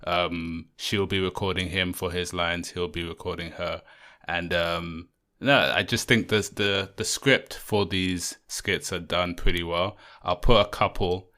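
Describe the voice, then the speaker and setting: Male podcast co-host, deep but bright voice, loose and rambling, full of "like" and "um.". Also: steady tone, a little slow. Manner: rambling, many fillers and restarts. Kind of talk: casual chat.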